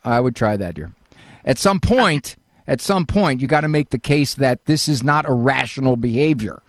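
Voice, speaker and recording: A man's voice: medium pitch, expressive, normal speed, no echo, clean studio sound. An older man hosting a call-in advice show, folksy and fatherly, often acting out what other people say. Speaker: radio call-in host, psychologist.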